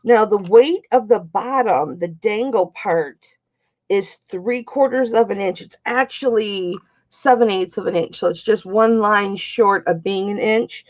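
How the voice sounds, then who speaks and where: A woman's voice: medium pitch, a little slow. A woman in her fifties hosting a live-stream jewelry sale, chatting with viewers by name as she shows each piece. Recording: dull lo-fi stream audio.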